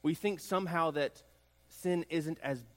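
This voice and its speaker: A man's voice: fairly high pitch, unhurried. A man preaching a sermon as pastor, building emphasis through repeated phrases. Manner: preaching with rising emphatic repetition. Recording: long hall reverb.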